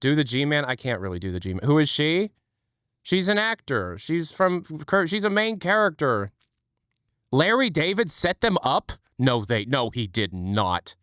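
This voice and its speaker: Smooth-voiced, chatty male streamer. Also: on the high side, big pitch swings, a little slow, fairly bright tone, dry recording, clean studio sound. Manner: chatty, joking, swears, laughs often. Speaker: livestream host. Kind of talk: casual chat.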